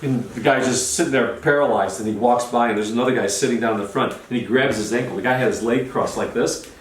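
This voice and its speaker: A man telling a personal story in an excited way, often restarting and repeating words. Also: medium pitch, fast talker. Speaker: storytelling guest. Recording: roomy, distant, faint noise.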